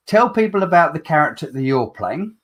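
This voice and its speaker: A man's voice: on the high side, big pitch swings, fairly quick. A man with a Black Country accent hosting a casual talk show, theatrical and upbeat. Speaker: host. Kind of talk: casual chat.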